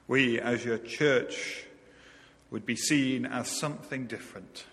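Slow, gentle male minister praying. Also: mid-range voice, steady tone. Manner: slow, gentle, repeating "Lord". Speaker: minister leading prayers. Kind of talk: spoken church prayer. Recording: hall reverb.

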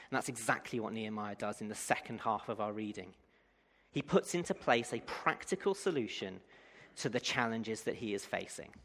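A man preaching a sermon, his voice ringing out in a hall with a long echo trailing after each phrase. He swings from loud, rousing declarations to a calm, conversational teaching tone. His pitch sits in the middle for a man.

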